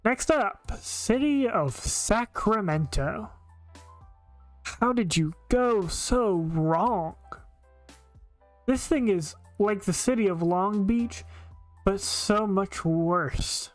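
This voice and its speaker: A woman's voice: mid-range voice, expressive, very slow, faint music behind. A woman streaming live, giving blunt, opinionated casual commentary with frequent filler words.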